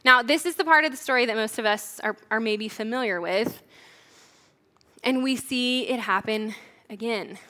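A young woman giving a sermon in a relaxed, chatty way, often saying "like". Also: fairly high pitch, moderate pace. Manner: casual, chatty, says "like" often. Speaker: church leader preaching. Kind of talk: conversational sermon.

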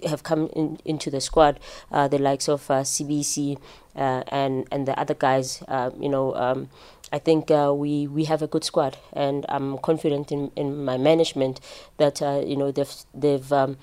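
South african woman, low flat dark voice, halting club staffer in an interview. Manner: halting, many restarts. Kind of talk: radio interview answer.

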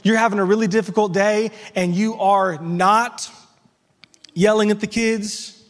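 A male pastor with a high voice delivers an emphatic sermon, breaking into lively everyday asides. His voice rings out with a long reverb tail, as in a church sanctuary. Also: a little slow.

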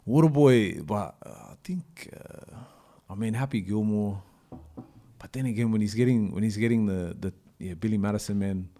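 A man's voice: lowish voice, normal speed. Slangy man chatting loosely. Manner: animated, slangy, lots of filler and restarts. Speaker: podcast host. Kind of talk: casual chat.

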